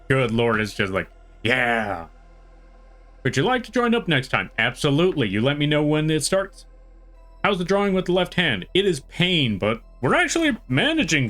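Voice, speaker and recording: A man's voice: medium pitch, fairly bright tone. A man from the western United States with a slight Southern-tinged American accent, chatting casually on a live art stream and greeting viewers by name. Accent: American with a slight Southern twang. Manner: friendly, rambling, greets chat by name.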